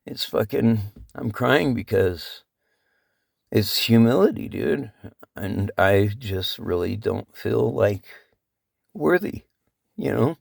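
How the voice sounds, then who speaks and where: A man vlogging through tears, swearing and rambling, his voice cracking and breaking high as he speaks from the heart. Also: takes it slowly, gravelly, no room sound, clean studio sound. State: crying. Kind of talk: emotional casual vlog talk.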